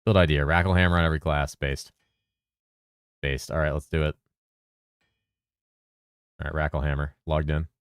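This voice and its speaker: A man's voice: very deep voice, flat delivery, normal speed, pauses often, clean tone, dry recording, studio quality. A man streaming games, chatting casually in a loose, rambling way, swearing freely and mumbling now and then. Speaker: game streamer. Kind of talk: casual live-stream chat.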